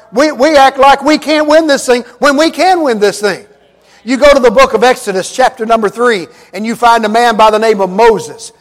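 High-voiced preacher in an echoing hall. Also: male voice. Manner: emphatic, repetitive preaching with humor. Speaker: pastor. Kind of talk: sermon. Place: church sanctuary. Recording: long reverb of a church hall.

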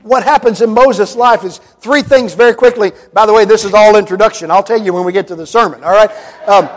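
A man with a very high voice preaches in a church sanctuary, his words ringing with a long reverb. He drives his points home through repetition and mixes in light jokes. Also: brisk. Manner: emphatic, repetitive preaching with humor. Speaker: pastor. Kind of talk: sermon.

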